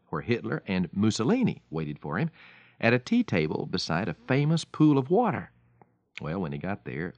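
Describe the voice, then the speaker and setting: A male radio preacher tells his story in a folksy, emphatic manner. His low voice rises and falls in lively swings. The recording is dry and dull, like an old lo-fi radio broadcast. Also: dry recording. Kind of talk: radio devotional talk.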